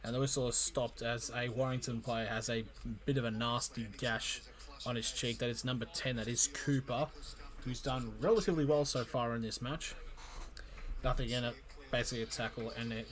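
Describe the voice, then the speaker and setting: Calling a rugby league game live on his stream, this man talks a little fast in a mid-range voice. The amateur commentary surges with excitement, and he keeps stumbling, restarting and correcting himself.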